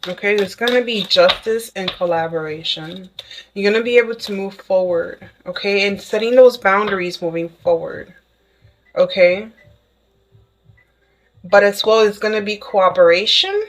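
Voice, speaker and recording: A woman giving a casual spoken tarot reading to the viewer, excitable and chatty, who keeps checking in with "okay?". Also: medium pitch, moderate pace, a little hiss or hum, rough recording. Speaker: tarot reader.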